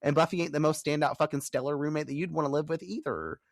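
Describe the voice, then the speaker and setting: A man co-hosting a podcast, recapping an episode in casual chat that is animated and full of cursing. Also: fairly high pitch, no room sound, studio quality. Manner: animated, profane, quick-talking. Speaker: podcast co-host.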